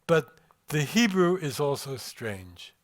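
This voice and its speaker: An older man giving a lecture to a live audience in a room, reflective and measured, pausing to weigh his words and reading passages aloud. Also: fairly high pitch, sing-song. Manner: measured, reflective, pausing over word rhythm.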